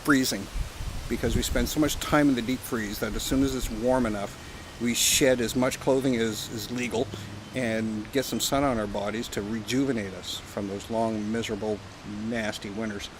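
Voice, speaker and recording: A man's voice: medium pitch, steady tone, moderate pace. A man from Canada chatting casually outdoors at a campsite, rambling and joking with some profanity. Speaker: pipe-smoking vlogger. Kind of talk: casual outdoor vlog chat. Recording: outdoor recording with clear wind and background noise.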